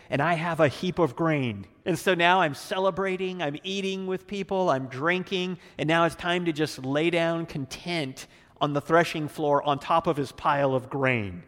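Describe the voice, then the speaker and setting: A man preaching as a pastor, teaching through a Bible passage in a relaxed, casual way, acting out the characters' lines. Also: fairly high pitch, long reverb tail.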